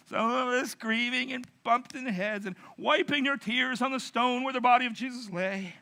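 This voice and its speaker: Animated, bright-voiced male preacher. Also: high voice, fairly quick, vocal fry. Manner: animated storytelling with acted-out voices. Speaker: pastor. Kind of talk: narrative sermon.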